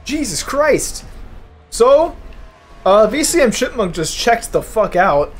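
A young man giving live commentary on an online racing league while driving in it himself, casual and profane, loud and excited at big moments. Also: sits high, a little slow, faint music behind. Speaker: race commentator and streamer. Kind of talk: live esports race commentary.

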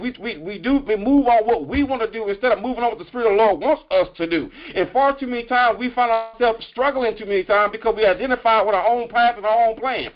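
High-voiced preacher, halting and emphatic. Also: male voice, highs cut off. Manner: halting with repeated restarts, slows for emphasis. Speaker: pastor. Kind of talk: sermon.

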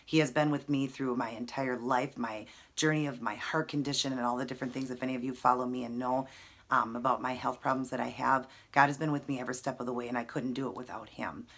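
A woman's voice: rumbling low, steady tone, fast talker, fairly bright tone. A woman in her thirties talking earnestly to her camera at home, emotional and full of fillers. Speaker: vlogger. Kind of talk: personal talk to camera.

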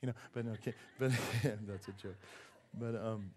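A male pastor preaching a sermon in church, animated, firing rhetorical questions at the congregation and dropping joking asides. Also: fairly low pitch, moderate pace. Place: church sanctuary.

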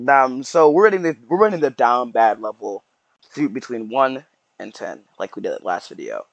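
A young man rambling through casual reaction commentary, slangy and mock-sorrowful, with restarts and drawn-out sighs. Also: medium pitch, sing-song, vocal fry, no room sound, dull audio. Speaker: YouTuber reacting to posts.

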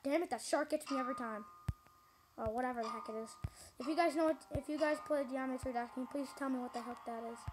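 High-voiced woman ranting over gameplay. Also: fast, noisy background. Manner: frustrated, exclamatory, talks to viewers. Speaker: gaming YouTuber. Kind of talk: gameplay commentary. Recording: game music playing loudly. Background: loud game music.

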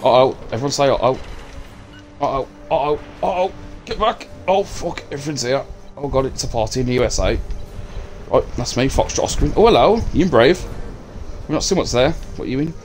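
A man's voice: medium pitch, brisk, pauses often, a little mellow, soft background music. A man streaming a game live, swearing freely, bantering and taunting his opponents. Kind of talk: live gameplay commentary.

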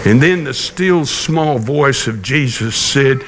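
A man preaching a sermon, telling a personal story in a folksy, gently humorous way. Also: medium pitch, expressive, slow, noisy background. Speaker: pastor.

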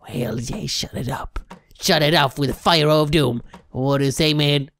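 A woman giving gameplay commentary, excitable, shrieking and swearing often. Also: low-pitched, normal speed. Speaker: let's play gamer.

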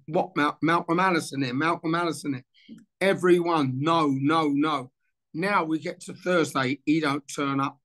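A man in his sixties telling an anecdote in a casual interview, acting out the dialogue as he goes. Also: a little high. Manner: animated storyteller acting out dialogue. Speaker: former footballer interviewee.

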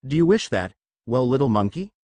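A man's voice: mid-range voice, sing-song, fairly quick, darkish tone, no echo, natural voice. A man voicing a huge caged male fox demon who taunts in a creepy way, read from a fan fiction story. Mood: taunting.

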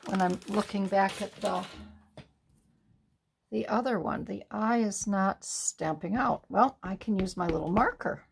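A woman's voice: mid-range voice, measured pace, gravelly, a little hiss or hum. A woman hosting a card-making tutorial, thinking aloud in a casual, musing way as she works. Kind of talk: casual crafting tutorial talk.

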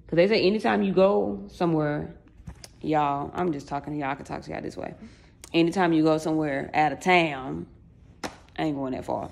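Woman in her late 20s just chatting to the camera, low voice, real gravelly, slangy and loose. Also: a little mellow. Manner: chatty, talks straight to viewers, folksy slang. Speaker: vlogger. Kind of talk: casual chat to viewers.

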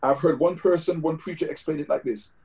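A man's voice: fairly high pitch, fairly quick, warm tone, rough recording. British man preaching a video-call sermon. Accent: British English. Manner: conversational with biblical quotes and fillers. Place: home over video call.

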